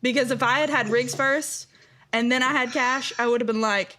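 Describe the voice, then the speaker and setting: A woman's voice: on the high side, moderate pace, slight background noise. Laughing, chatty woman podcast host. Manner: animated storytelling with laughter and frequent fillers. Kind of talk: casual chat.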